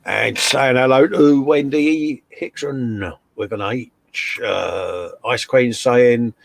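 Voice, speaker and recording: A gravelly, medium-pitched male voice speaks slowly, with no echo. The man co-hosts a casual live stream chatting about modelling, reading viewer comments with jokey banter and calling everyone mate and fella.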